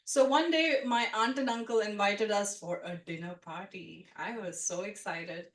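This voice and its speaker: A woman's voice: mid-range voice, normal speed. Chatty woman storyteller in a roomy hall. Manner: chatty and animated, full of "like" and "you know". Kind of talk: personal storytelling at a live story swap. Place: storytelling event room with a live audience. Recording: roomy sound from a distant mic.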